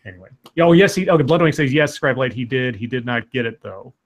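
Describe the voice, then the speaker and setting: A man's voice: mid-range voice, expressive. A man co-hosting a casual livestream, reading out donations and stammering often. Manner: stammering, quick to laugh.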